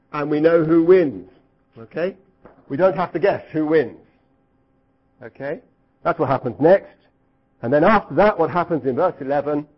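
A middle-aged man teaching the Bible to a live group, lively and questioning, sometimes acting out cries. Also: fairly high pitch, breathy edge, muffled recording. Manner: asks the audience questions, lively, acts out cries.

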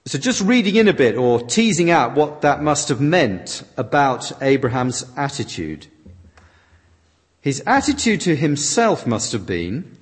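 Husky male preacher in a reverberant hall. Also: mid-range voice, unhurried. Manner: expressive, with dramatic readings of quotations. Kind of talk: sermon with interpretation. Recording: long reverb of a large hall.

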